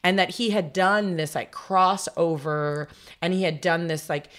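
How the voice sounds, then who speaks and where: A woman in her forties from Los Angeles, a chef telling her story as a podcast guest in a quick, chatty way full of "like". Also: fairly low pitch, a bit bright. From Los Angeles, United States. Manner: fast and chatty, packed with "like", slips into voiced quotes. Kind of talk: casual interview storytelling.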